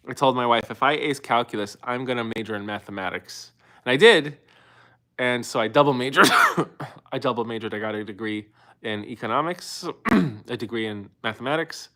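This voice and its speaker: A man's voice: medium pitch, sharp tone. A man in his thirties hosting a live stream, chatting loosely with viewers and answering their questions, rambling with many restarts. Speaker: livestream host. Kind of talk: casual live-stream talk answering chat.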